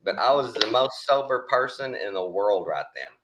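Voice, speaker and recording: A middle-aged man with a Texan accent telling a story in a casual, animated drawl, swearing freely. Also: on the low side, normal speed, background noise. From Texas.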